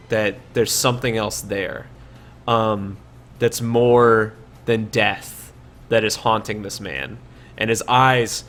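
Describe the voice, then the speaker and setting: A man's voice: fairly low pitch, a bit bright, slight background noise. A man narrating as dungeon master, rambling with many fillers and restarts. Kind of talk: narrating a tabletop game.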